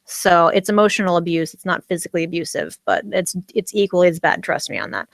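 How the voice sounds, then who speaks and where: A woman's voice: lowish voice, steady tone, fast talker, gravelly, dry recording. A woman from the US chatting casually on a livestream about a TV episode, rambling with lots of fillers and restarts and bursts of giggly enthusiasm, talking around a candy in her mouth. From United States. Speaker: vlogger recapping a TV episode.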